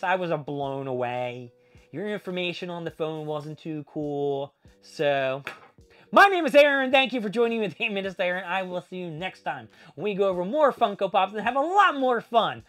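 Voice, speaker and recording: A man hosting a casual collectible video, rambling, correcting himself and poking fun at his own slips. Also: sits high. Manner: rambling, self-mocking, trailing off. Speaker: host. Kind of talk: casual unboxing chat.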